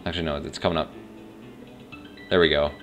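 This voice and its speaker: Very low male voice, casual let's-play host, rambling and unsure, faint music underneath. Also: little pitch movement, fairly quick. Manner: rambling, unsure, thinks aloud. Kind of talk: casual gameplay commentary. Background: faint game music.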